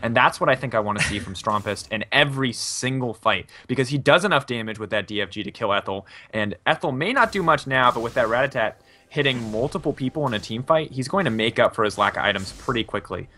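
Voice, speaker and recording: A man's voice: mid-range voice, animated, quick pace, hardly any pauses, pushed and bright. A man giving live esports color commentary, breaking down the play analytically with casual fillers. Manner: analytical, with frequent um and you know.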